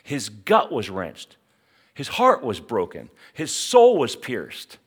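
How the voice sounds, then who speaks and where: Slow, animated preaching man. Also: mid-range voice, husky. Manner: dramatic, emphatic preaching with rhetorical questions. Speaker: pastor. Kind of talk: sermon.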